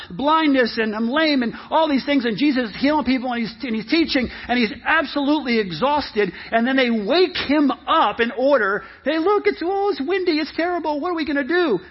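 A male pastor with a very high, husky voice, preaching with animated, emphatic storytelling. The recording is muffled and lo-fi. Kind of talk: lively sermon.

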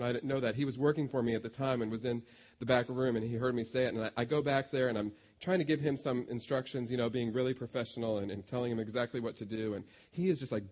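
A man preaching a sermon as a pastor, conversational and self-deprecating as he tells stories to his congregation. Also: medium pitch.

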